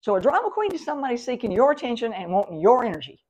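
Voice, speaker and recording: A high-voiced woman gives casual advice in a vlog. Her pitch swings widely and her delivery is exclamatory, and she talks straight to the viewer. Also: very animated, racing, a little mellow, lo-fi sound. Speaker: psychic medium giving advice.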